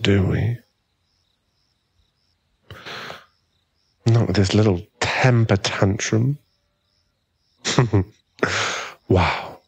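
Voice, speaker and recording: A man's voice: lowish voice, fairly bright tone, husky, dry recording, exaggerated voice. A man voicing a cocky, mocking young male bully in a whispered role-play, with a smug, drawling manner close to the mic. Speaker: ASMR roleplay performer.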